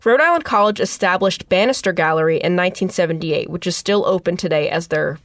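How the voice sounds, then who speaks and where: A woman's voice: fairly low pitch, quick pace, dry recording, clean studio sound. A young adult woman co-hosting a casual podcast, reading researched notes with chatty asides. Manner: reads informative passages steadily, with chatty asides. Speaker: podcast co-host presenting research.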